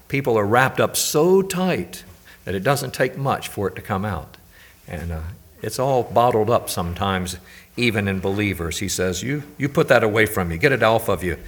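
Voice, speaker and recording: A man's voice: fairly low pitch, fairly bright tone. An older man preaching a sermon in a conversational way, telling anecdotes and often asking his listeners questions.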